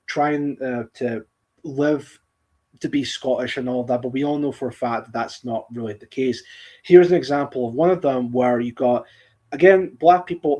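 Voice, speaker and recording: A man's voice: medium pitch, warm tone. A man hosting a live-streamed talk show, chatting casually with a rambling, restarting delivery. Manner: rambling, with frequent restarts and laughter. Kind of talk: casual chat. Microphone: streaming setup microphone.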